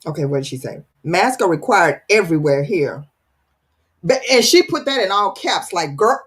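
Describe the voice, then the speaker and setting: A woman's voice: fairly low pitch, big pitch swings, normal speed, husky. A woman hosting a casual livestream, reading out viewer comments with a playful, teasing, dramatic manner. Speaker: live stream host reading viewer comments. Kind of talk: casual chat.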